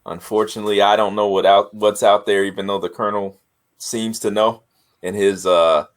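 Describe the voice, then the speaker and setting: A man playing a tabletop game, speaking haltingly with many fillers and frequent laughter. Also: fairly low pitch, flat delivery. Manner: halting, full of uhs, laughs often. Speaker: player.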